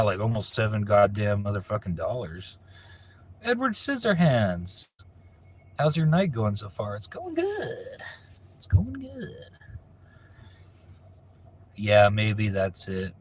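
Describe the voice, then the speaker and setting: Husky low-voiced male livestreamer. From California. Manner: reads chat questions aloud, rambling and profane. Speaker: livestreamer answering viewer chat. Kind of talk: casual live-stream chat.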